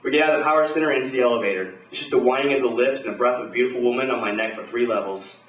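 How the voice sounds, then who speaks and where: A man tells a pulp action tale aloud in a gruff, swaggering way, cursing freely and talking like a hardboiled hero. His voice sits at a middle pitch. The sound is roomy and distant from the mic, with a faint noise behind it. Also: rapid-fire, a bit bright. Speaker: storyteller.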